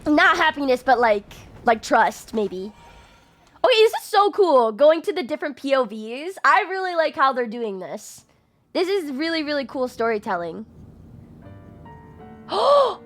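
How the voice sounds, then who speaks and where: A woman's voice: sits high, sing-song, moderate pace, a bit bright, soft background music. A woman streamer reacting to a game, gushing and squealing with frequent laughter. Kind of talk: excited gameplay reaction.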